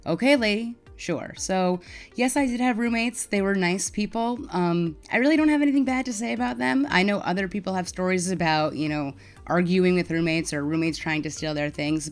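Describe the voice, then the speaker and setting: A young woman with a New York accent, frankly and wryly telling her own story to camera, turning loud and heated as she retells arguments. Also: on the low side. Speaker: mental health advocate vlogger. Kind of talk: casual personal storytelling to camera.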